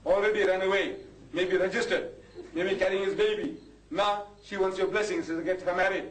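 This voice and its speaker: A man's voice: high-pitched, steady tone, normal speed. An older man, lecturing an audience as a Muslim preacher, impassioned and rising to indignant outbursts. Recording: echoey hall, distant mic, faint noise.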